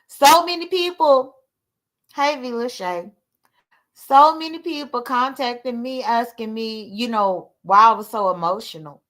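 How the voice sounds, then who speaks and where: A woman speaking hosts a livestream, and her talk runs candid, emotional and rambling. Her voice sits high and comes out bright and clear. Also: unhurried. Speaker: livestream host.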